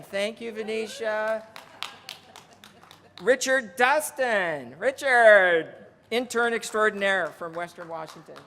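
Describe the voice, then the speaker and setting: A gravelly, slightly bright medium-pitched voice belongs to a union legislative presenter giving a chatty conference speech. He reads out donor names and counts down, and the long reverb of a large hall fills the recording.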